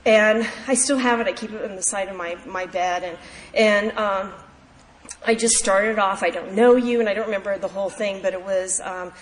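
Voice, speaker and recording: A woman's voice: medium pitch, fairly even intonation, moderate pace. A woman sharing her recovery story at a meeting, talking casually with many fillers and restarts. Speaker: AA meeting speaker. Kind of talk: personal recovery talk. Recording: echoey hall, faint ambience.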